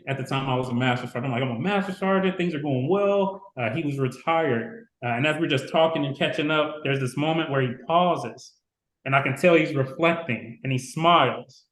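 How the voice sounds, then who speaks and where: Guest, man in his 40s, from Chicago, lively storyteller, slightly high voice, echoey room. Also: a little fast. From Chicago, USA. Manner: lively anecdote-telling, acting out quoted people. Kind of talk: casual storytelling interview. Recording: roomy echo.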